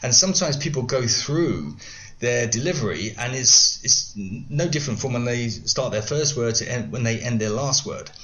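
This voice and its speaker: A man's voice: medium pitch, expressive, normal speed, fairly bright tone. A middle-aged man, a guest video coach, explaining things in a podcast interview with many examples and frequent restarts.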